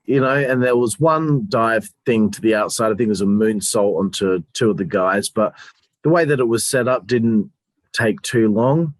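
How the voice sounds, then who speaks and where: A man's voice: medium pitch, no echo. A man co-hosting a casual review chat, talking in a rambling, hesitant way and swearing casually. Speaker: podcast co-host.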